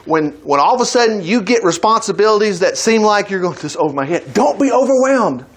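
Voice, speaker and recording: Animated man teaching the Bible. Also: high voice, a little fast. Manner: chatty, exclaiming asides, voice jumping up and down. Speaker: preacher.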